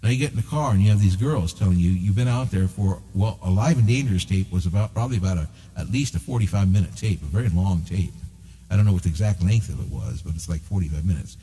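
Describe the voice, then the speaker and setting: A man with a low, husky, mellow voice recounts a strange memory to his co-host, slipping into the voices of the people in it. His delivery is lively and conversational. A long reverb trails behind every phrase. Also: fast talker. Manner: animated, acts out quoted dialogue. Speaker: show host. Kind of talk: storytelling conversation.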